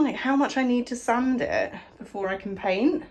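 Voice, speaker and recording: A woman's voice: mid-range voice, expressive, normal speed, hardly any pauses, a little mellow. A young woman vlogging at home, chatting casually in a rambling, self-deprecating way. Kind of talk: casual vlog chat. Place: home, indoors.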